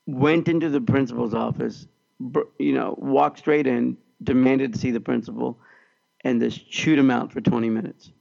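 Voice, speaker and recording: A man co-hosting a podcast, telling a story in an animated, excitable way. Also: medium pitch, moderate pace, gravelly, dull audio. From California. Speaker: podcast co-host. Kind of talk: casual storytelling chat.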